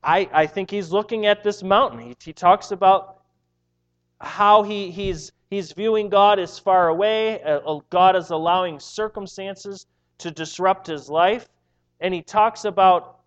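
A man's voice: high-pitched, measured pace, a bit bright, highs cut off. A man preaching a sermon in an earnest, emphatic way, often repeating words as he drives a point home.

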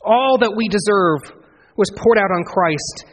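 An earnest man delivers an expository sermon in a slightly high, husky, somewhat bright voice, animated yet unhurried. He swells to emphatic peaks before dropping low again, and a long hall reverb trails his words.

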